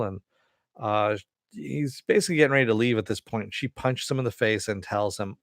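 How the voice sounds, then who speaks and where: A man's voice: on the low side, brisk, no echo, clean studio sound. A man casually retelling a TV episode in a rambling way, full of fillers. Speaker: TV show reviewer.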